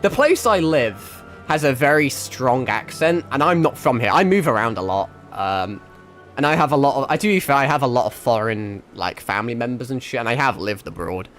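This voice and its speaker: This young Englishman, whose northern accent is a mix, speaks in a mid-range, slightly bright voice at normal speed with lively intonation. He chats casually to his livestream while gaming, rambling, swearing and laughing a lot, with faint music playing behind him.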